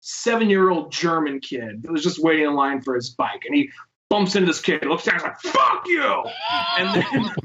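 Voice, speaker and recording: A man's voice: a little high, lively intonation, a little fast, fairly bright tone, highs cut off, a little hiss or hum. A man hosting a podcast, telling rambling stories in casual chat and swearing freely. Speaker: podcast host.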